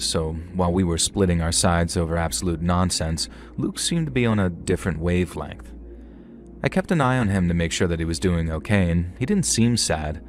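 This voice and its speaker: A man narrating a first-person horror story in a conversational tone with dry humour. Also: low voice.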